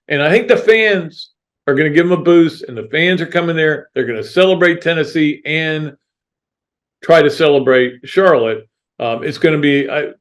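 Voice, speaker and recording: A middle-aged man hosting a podcast, chatting casually about sports in a rambling, earnest way with many restarts. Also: medium pitch. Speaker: podcast host. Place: studio set.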